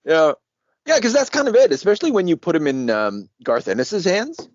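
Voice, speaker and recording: A man co-hosting a casual podcast about comics, talking in an animated way, laughing often and swearing freely. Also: high voice, fairly quick, no room sound. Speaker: podcast co-host. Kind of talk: casual comic book discussion. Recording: dry, dull lo-fi sound.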